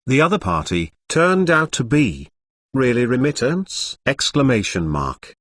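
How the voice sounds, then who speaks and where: A man's voice: mid-range voice, sing-song, unhurried, a bit bright, no echo. A computer-voiced man narrating a web novel, reading out punctuation marks in stilted phrasing. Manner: reads punctuation marks aloud.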